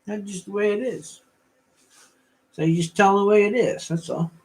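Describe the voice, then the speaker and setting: A man's voice: high-pitched, normal speed. An older man rambling casually as he hosts a livestream auction and chats with viewers. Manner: rambling, folksy, chatting with viewers.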